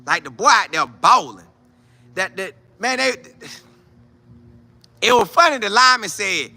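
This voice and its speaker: A man hosting a casual sports talk show, animated and slangy, acting out players' chatter. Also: extremely high pitch, moderate pace, creaky, long pauses.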